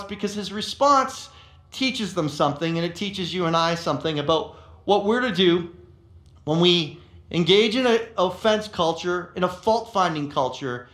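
A man with a notably high voice delivers a sermon as a pastor. He tells stories with animation, doubling back on words as he speaks. The sound carries a roomy echo. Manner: animated storytelling with frequent repeated words.

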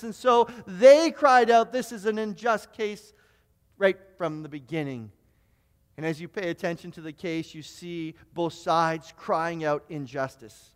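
Preaching man in a reverberant hall. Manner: storytelling, swings from raised emphatic to low and quiet. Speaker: pastor. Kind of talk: sermon.

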